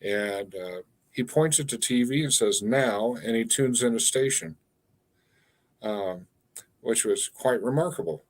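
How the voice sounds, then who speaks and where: A man in his sixties from Kansas, a guest telling a long story in an interview, pausing often with fillers and repeated words. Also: medium pitch, lively intonation. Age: 60s. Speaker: guest, energy healer.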